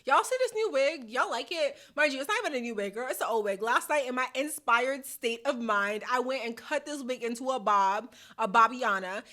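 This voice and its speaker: Woman vlogging at home, sassy slangy pep talk, bright voice. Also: a little high, expressive, brisk, few pauses. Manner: chatty, playful, sassy slang, laughs often. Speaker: podcast host. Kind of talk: casual motivational talk to camera. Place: hot room at home. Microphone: camera mic.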